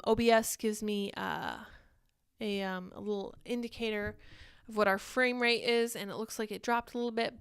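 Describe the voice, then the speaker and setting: Young woman streamer, bit breathless, smooth clear voice, chatty and animated. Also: a little high. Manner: chatty, animated, reads viewer comments aloud. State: short of breath. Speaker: livestream show host. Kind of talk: casual live-stream commentary.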